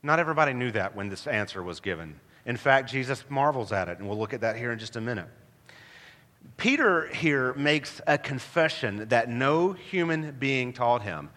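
A man's voice: medium pitch, lively intonation, normal speed, a bit bright. A man preaching a sermon as a pastor, emphatic and full of rhetorical questions. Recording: long hall reverb.

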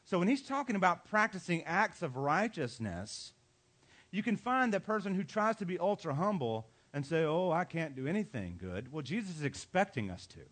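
Man preaching with lively, swinging pitch. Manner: emphatic preaching with dramatic pauses. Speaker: pastor. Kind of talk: sermon.

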